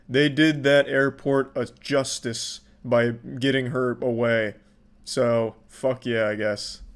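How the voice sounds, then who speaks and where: A man giving profane, sarcastic commentary on viral videos in a deadpan delivery. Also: mid-range voice. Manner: sarcastic, deadpan, swears constantly. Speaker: online commentary host.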